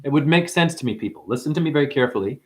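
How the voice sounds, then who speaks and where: A man hosting a livestream and ranting preachily at his viewers, swinging between hushed asides and loud outbursts. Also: fairly high pitch, lively intonation, racing. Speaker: livestream host and numerology teacher.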